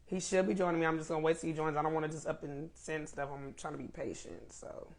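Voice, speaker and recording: A woman's voice: deep voice, level tone, fast. A woman hosting a casual live stream, greeting viewers by name and laughing often while she waits for her guest, speaking.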